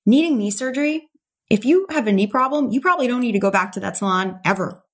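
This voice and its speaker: Woman telling a lively personal story. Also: a little high, fast. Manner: animated storytelling, acts out quoted voices. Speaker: podcast guest. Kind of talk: storytelling in an interview.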